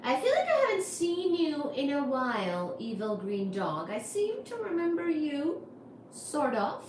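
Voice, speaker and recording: A woman's voice: sits high, very animated. A woman hosting a casual livestream, reading chat comments in a playful, laughing way. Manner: playful, laughs often, soft and drawn-out. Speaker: livestream host. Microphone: iPad. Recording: roomy echo with faint background noise.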